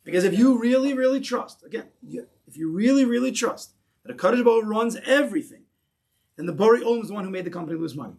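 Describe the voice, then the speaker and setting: Man, Torah teacher, emphatic, repetitive for emphasis, slightly high voice, Hebrew terms in English. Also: lively intonation, fast talker, a little mellow. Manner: emphatic, repeats key phrases with rising intensity. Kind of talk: Torah class.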